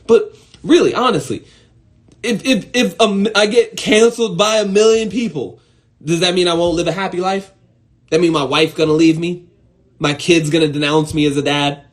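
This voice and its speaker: Young male streamer, fairly high voice, loose profane pep talk with sudden loud bursts. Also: moderate pace. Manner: animated and profane, swings between loud outbursts and low muttering. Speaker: host of an Instagram live stream. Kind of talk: casual motivational monologue.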